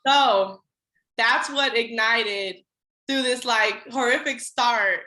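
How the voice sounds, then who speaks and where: Animated woman telling her story, bright voice. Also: on the high side, reverberant, rough recording. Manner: animated, acts out her past self with quick voiced asides. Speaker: podcast guest, trucking business owner. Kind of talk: candid storytelling interview.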